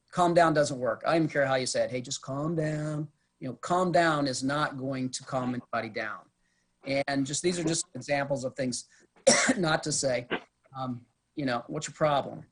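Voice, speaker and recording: A man, a police officer, giving a conversational de-escalation presentation to a board over a video call. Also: a little high. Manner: conversational, acts out quotes from arrestees.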